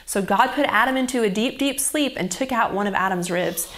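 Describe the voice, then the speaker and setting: A young woman reading a Bible story to children as a children's church teacher, in a gentle and expressive storytelling manner. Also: mid-range voice, fairly quick, slight background noise.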